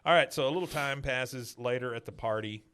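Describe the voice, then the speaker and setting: A man's voice: medium pitch, fairly quick, bright, forceful tone, clear, resonant tone. A male podcast host casually recapping a cartoon episode, quoting characters as he goes. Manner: chatty, quotes characters in passing.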